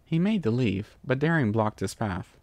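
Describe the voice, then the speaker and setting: A man narrating a fan fiction story in a steady, even reading. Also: mid-range voice, moderate pace, dry recording. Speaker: reader.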